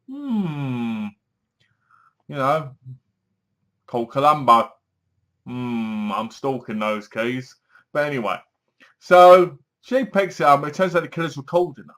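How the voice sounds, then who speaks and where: Guy rambling through a movie review, slightly high voice, acts out bits. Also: normal speed. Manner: rambling, animated retelling with acted-out quotes. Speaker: film reviewer. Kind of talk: casual spoken film review.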